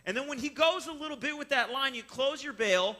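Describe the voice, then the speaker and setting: A man's voice: extremely high pitch, fairly quick. A man telling a personal fishing story, explaining step by step and acting out the voices of the people in it. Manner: animated, acts out voices in his story. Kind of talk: personal story told to listeners.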